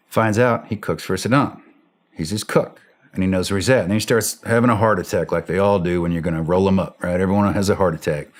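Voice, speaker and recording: Animated man telling a war story. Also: low-pitched. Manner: animated, acts out quoted dialogue, laughs while telling. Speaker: interview guest, former special operator. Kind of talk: casual storytelling.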